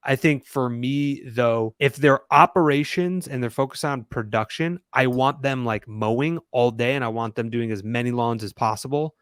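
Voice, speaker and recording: A man's voice: mid-range voice, normal speed, hardly any pauses, clean tone, dry recording, studio quality. A man coaching a small business owner, direct and challenging, speaking from his own experience. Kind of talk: coaching conversation.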